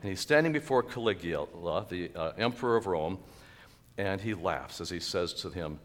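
Animated male preacher in echoing church. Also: sits low, normal speed. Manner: animated, with sudden loud exclaimed quotes and chuckles. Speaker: pastor. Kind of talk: sermon. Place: church sanctuary.

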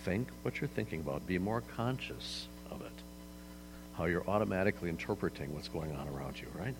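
Male pastor, sermon, animated intonation, long reverb, faint mains hum. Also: low voice, fairly quick. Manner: conversational, asks the audience questions.

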